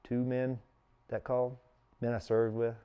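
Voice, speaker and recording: A man's voice: medium pitch, level tone, measured pace, clear, resonant tone, muffled recording. A middle-aged man telling a personal story in a sit-down interview, earnest and emotional, acting out the voices of people he quotes. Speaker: interview guest.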